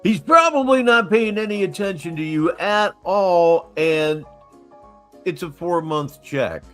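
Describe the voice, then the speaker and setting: A man's voice: high voice, expressive, unhurried, a bit bright, soft background music. A man hosting a reaction stream, answering a clip with blunt, mocking sarcasm. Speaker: commentary streamer host. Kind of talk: reaction commentary.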